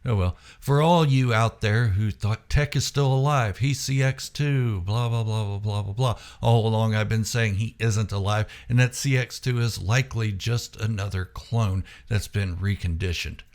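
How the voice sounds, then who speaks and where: A man with a low, gravelly voice gives a casual spoken review to his viewers. He rambles in a chatty way and catches his own slips with quick asides. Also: darkish tone. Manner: chatty, self-correcting asides. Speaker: YouTube channel host.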